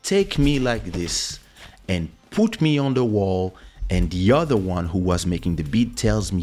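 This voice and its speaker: A man with a low voice tells a personal story as host of his own show. He is animated and jumps into other people's voices as he goes. Faint music plays under his close podcast mic. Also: a little slow. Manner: animated, acts out quoted voices. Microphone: studio podcast mic.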